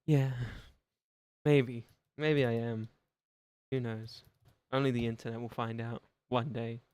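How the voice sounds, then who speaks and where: A man's voice: mid-range voice, steady tone, slow pace, darkish tone, clear, resonant tone. A man chatting on a gaming livestream, rambling and joking and laughing often. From Australia. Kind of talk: casual gaming livestream chat.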